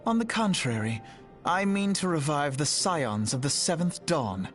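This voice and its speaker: Young nobleman, earnest, formal, old-fashioned phrasing, lively intonation. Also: a little high, a little slow, faint music behind.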